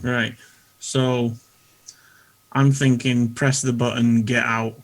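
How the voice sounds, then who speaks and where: A man's voice: mid-range voice, little pitch movement, takes it slowly, rough recording. A man playing a tabletop game, hesitantly thinking aloud about what his character does. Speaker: player.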